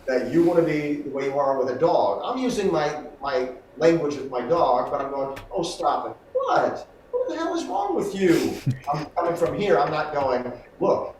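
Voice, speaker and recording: A man's voice: medium pitch, slight background noise. A middle-aged man, an acting coach, explaining technique in an interview and animatedly acting out exchanges. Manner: animated, acts out quoted exchanges. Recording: echoey room, voice far from mic.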